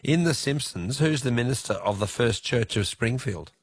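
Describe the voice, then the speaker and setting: A man hosting a radio phone-in quiz, chatty and quick to laugh. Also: medium pitch, animated, husky, no echo. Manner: chatty, laughs easily, stumbles a little.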